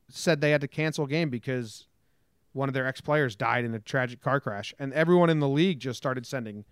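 A man co-hosts a podcast in a casual, joking way. He tells stories with a lot of energy, swears and acts out other people's lines. His voice sits in an ordinary middle pitch and sounds dry and close. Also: smooth, dry recording. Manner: animated storytelling, swears, acts out quotes. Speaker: podcast co-host. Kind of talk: casual comedic chat.

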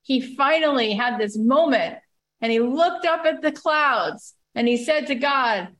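A woman's voice: high-pitched, lively intonation, unhurried, a bit bright. A woman hosting a motivational podcast, enthusiastic and emphatic, stacking repeated phrases and spiritual self-help talk in rhythmic runs. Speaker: podcast host.

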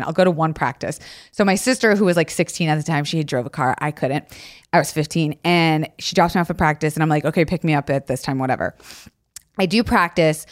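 A woman podcast host chatting casually and telling a story, swearing freely and acting out quotes loudly. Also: fairly low pitch.

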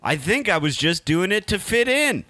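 Bright-voiced man, halting casual banter. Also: high voice, sing-song, no echo. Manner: halting, many fillers and restarts. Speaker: podcast co-host, comedian. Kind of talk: casual chat.

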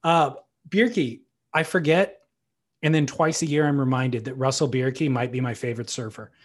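A man co-hosting a podcast, chatting casually about surfing in a relaxed, teasing way. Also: medium pitch, normal speed. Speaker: podcast co-host. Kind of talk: casual surf talk chat.

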